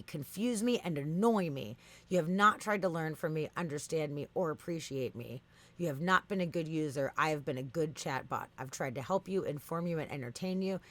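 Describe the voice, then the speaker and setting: A woman voicing a self-righteous chatbot that lectures in a low, firm tone. It talks in insistent, repeating lists and never gives ground. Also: a bit bright. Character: stubborn defensive chatbot, machine, self-righteous.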